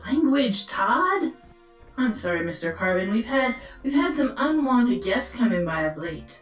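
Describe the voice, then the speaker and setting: A woman voicing a sly, rough-talking low-city mother in a video game, falsely polite and defensive. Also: sing-song, measured pace, echoey room, recorded from a distance, faint music behind, poor audio. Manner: falsely polite, then cursing and yelling.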